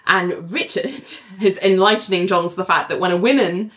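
A woman's voice: lowish voice, moderate pace. Woman animatedly retelling a TV episode. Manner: animated storytelling that slips into the characters' voices, laughing often. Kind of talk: casual chat recapping a TV episode.

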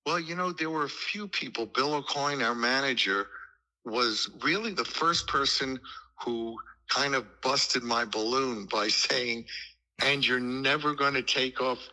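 An older man, a musician guest in an interview, telling animated anecdotes and acting out the voices he quotes. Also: medium pitch, measured pace, low-quality recording. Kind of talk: casual storytelling interview.

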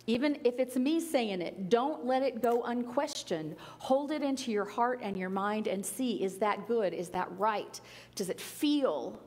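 A woman's voice: on the high side, animated, measured pace, a little mellow. Earnest woman speaker in an echoing hall. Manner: earnest, conversational, with laughs and playful asides. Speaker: spiritual teacher. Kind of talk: sermon-style talk.

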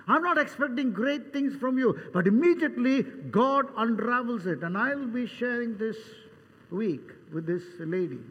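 An older man preaching a sermon as pastor, dramatic, acting out Bible scenes with voices and swinging between loud and soft. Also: high-pitched, muffled recording. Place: church hall. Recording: long church reverb.

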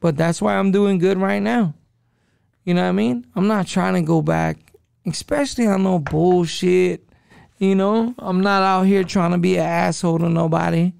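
Podcast guest, man, 40s, high-pitched and heavily gravelly, loose profane street talk. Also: steady tone, moderate pace, darkish tone, no room sound, studio quality. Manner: profane street slang, calls listener dog. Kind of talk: casual interview storytelling.

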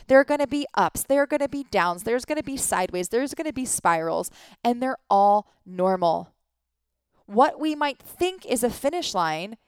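A woman's voice: mid-range voice, clean tone, dry recording. A woman in her thirties, a life coach, giving an earnest motivational talk full of rhetorical questions and casual swearing. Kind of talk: motivational monologue.

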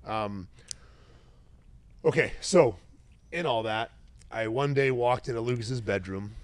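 A man's voice: mid-range voice, takes it slowly, dry recording. A middle-aged man, a retired fighter hosting a casual interview, telling stories with animation and acting out what people said. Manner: animated storyteller, acts out quoted voices.

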